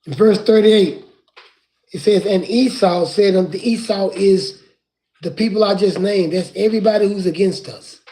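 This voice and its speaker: A man preaching from scripture in an impassioned way, rising at times to crying shouts. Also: sits high, normal speed.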